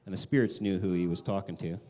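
Guy preaching a sermon, chatty and animated, jumps way up when he acts out quotes. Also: fast talker. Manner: animated, conversational, acts out quotes with big pitch swings. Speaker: pastor.

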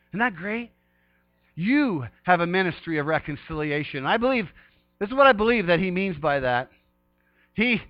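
A man preaching a sermon with fervor, dropping to quiet tones and rising to loud bursts of praise. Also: on the high side, no room sound, lo-fi sound. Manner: fervent, swings from hushed to shouting praise. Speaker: pastor.

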